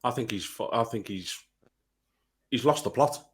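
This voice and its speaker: In a mid-range voice at a moderate pace, this football podcast co-host vents bluntly and hotly. The conversation is casual, but his rant comes laced with plenty of profanity.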